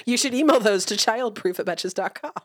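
A woman co-hosting a podcast, her voice a touch higher than most, rattling off quick and emphatic explanations. The recording is close and dry, with no room around her. She keeps the talk loose and conversational. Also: expressive, no room sound. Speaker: podcast co-host. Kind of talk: casual chat.

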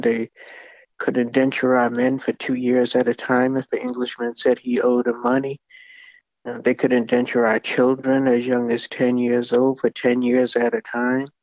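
A man giving reflective interview answers, halting and repeating words as he thinks. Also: medium pitch, a little mellow, dry recording, dull audio. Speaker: interviewee, Wampanoag community member.

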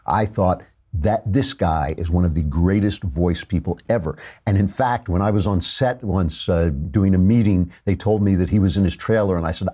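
A man's voice: low voice, warm tone, husky. A man hosting a talk show, giving a wry, digressive, opinionated monologue in a studio. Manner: wry, digressive, self-mocking.

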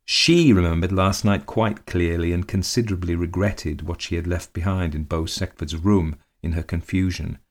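A man narrates an old short story in a very low, deep voice. His telling is measured and unhurried. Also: steady tone. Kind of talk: reading a classic short story.

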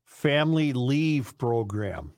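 Man, radio host, reads headlines, dictates word by word, unhurried. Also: medium pitch, sing-song, darkish tone, no room sound. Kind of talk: reading show headlines on air.

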